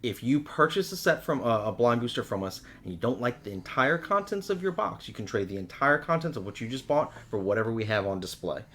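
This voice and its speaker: A man's voice: mid-range voice, very animated, brisk, few pauses, a bit bright. A man co-hosting a game shop's live show, talking up new products in enthusiastic casual chat and laughing often. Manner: enthusiastic, laughs often, loses his words. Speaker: co-host of a game shop show. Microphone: livestream.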